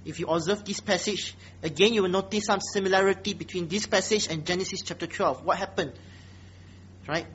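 A man preaching a sermon, emphatic, often dropping to low, quiet exhortation. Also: brisk, a little hiss or hum. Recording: dull lo-fi sound.

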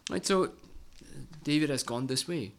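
A middle-aged man preaching a Bible-study sermon in an earnest way, often ending phrases with a quick "right?". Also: a little high. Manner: earnest, ends many phrases with a tag question "right?".

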